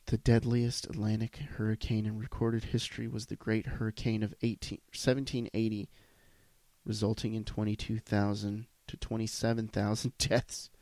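A man's voice: lowish voice, little pitch movement, normal speed, darkish tone, dry recording. A man hosting a solo podcast, ranting bluntly with lots of swearing and restarts. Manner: blunt, profane, rambling with restarts. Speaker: podcast host.

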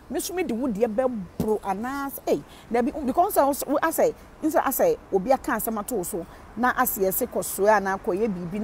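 A woman with a Ghanaian accent giving casual gossip commentary, animated, switching between Twi and English and laughing often. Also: fairly high pitch, a little hiss or hum. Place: living in Germany.

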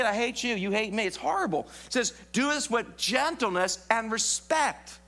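A pastor preaching live in a church sanctuary, a man with a high, ringing voice. He keeps it animated and playful and teases the congregation as he goes. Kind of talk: sermon. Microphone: live broadcast mic.

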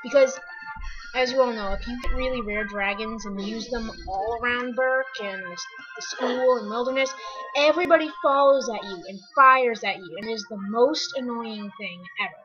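Excitable high-voiced young gamer girl. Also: normal speed. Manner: chatty, excitable, easily distracted. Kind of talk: casual game commentary. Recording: dull lo-fi mic with game music.

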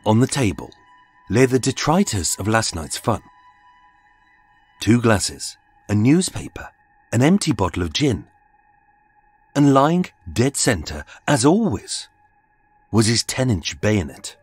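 Low, husky dramatic male narrator. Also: sing-song, no echo. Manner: dramatic, measured storytelling. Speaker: podcast narrator. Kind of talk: scripted true-crime narration. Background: faint music.

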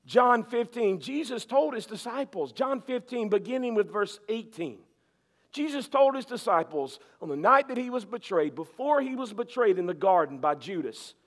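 A male pastor preaching a sermon, emphatic and repetitive, swinging from loud to soft. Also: high voice, lively intonation, moderate pace.

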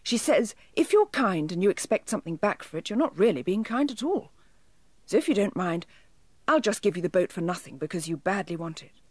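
An earnest, well-mannered little boy, played by a woman reading a storybook. His voice is lifted a little above hers, lively and slightly breathy. The sound is close and dry. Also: medium pitch, a little fast, no room sound. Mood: kind. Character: polite, kind little boy.

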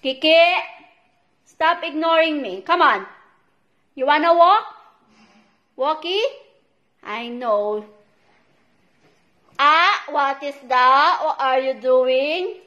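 A woman talking to her pet dogs, giving slow commands and coaxing and scolding them in pet-talk. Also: lo-fi sound. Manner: high excited pet-talk when urging. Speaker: vlogger and dog owner.

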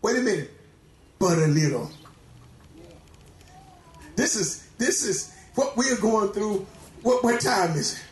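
A man preaching a sermon in a church, calling out hallelujahs and rising into shouts. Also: high-pitched, animated, normal speed. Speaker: pastor. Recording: echoey church room.

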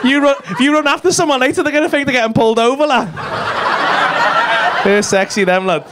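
High-pitched sweary comic. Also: male voice, fast talker. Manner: cheeky, sweary, teasing banter with laughs. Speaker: stand-up comedian. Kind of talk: crowd work. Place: comedy club stage. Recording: live club recording with crowd noise. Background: audience laughter.

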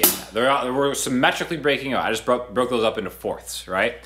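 A man's voice: mid-range voice, brisk, few pauses. Casual man counting beats over guitar. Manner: counts beats aloud in rhythm, loose and conversational. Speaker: guitar teacher. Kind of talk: casual video lesson. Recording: guitar music under the voice. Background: guitar playing.

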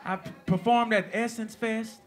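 A man doing stand-up, telling an animated, profane story on stage and laughing through it. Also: high-pitched, moderate pace. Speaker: stand-up comedian. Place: stage before a live audience. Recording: live show with crowd.

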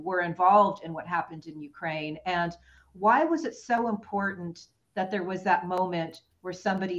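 An earnest woman hosts the interview, with a lowish voice. She sounds emotional and halts now and then as she frames her questions. Her audio is slightly dull and muffled. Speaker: podcast host.

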